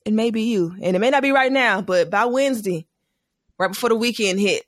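A man hosting a casual podcast, an animated storyteller who laughs often. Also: sits high, fairly quick, no echo, clean studio sound. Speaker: podcast host.

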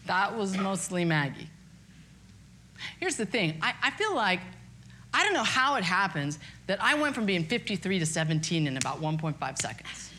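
Candid, bright-voiced woman in her fifties. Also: medium pitch, moderate pace, a little hiss or hum. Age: 50s. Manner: candid, self-deprecating, animated storytelling. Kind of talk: personal storytelling talk.

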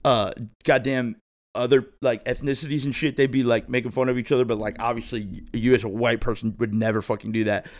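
A man's voice: medium pitch, steady tone, fairly quick. A man in his thirties, a podcast host, telling a rambling, profane story in a laid-back way. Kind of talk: casual storytelling monologue.

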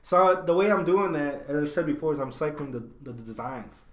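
A man's voice: on the high side, expressive, a little fast. Slangy young man, casual podcast host. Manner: loose, slangy, swears freely, lots of fillers and laughs. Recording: echoey room.

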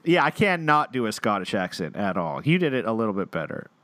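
A man's voice: lowish voice, sing-song, a little fast, a bit bright, dry recording. A man co-hosting a podcast, chatting casually and jokingly with frequent laughs and fillers. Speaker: podcast co-host. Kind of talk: casual comedic chat.

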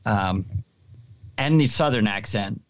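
A man's voice: fairly low pitch, expressive, slow, no room sound. A man on a discussion panel, chatting casually and making wry, dry asides. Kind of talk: casual chat.

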